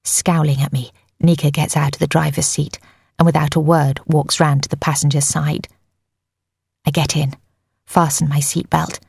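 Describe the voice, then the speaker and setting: A woman's voice: sits low, level tone, normal speed, creaky, darkish tone, slightly rough, no echo. A woman narrating a tense first-person audiobook on a close mic, in an urgent storytelling manner.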